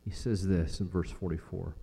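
A man's voice: deep voice, steady tone, moderate pace, gravelly, mellow, big-room sound, a little hiss or hum. A man preaching a sermon as pastor, emphatic, repeating phrases and asking rhetorical questions.

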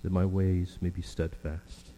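A man's voice: deep voice, little pitch movement, mellow. Preacher man in a reverberant hall. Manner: earnest, drawn-out emphasis with fillers. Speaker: pastor. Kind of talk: sermon. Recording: long hall reverb with mains hum.

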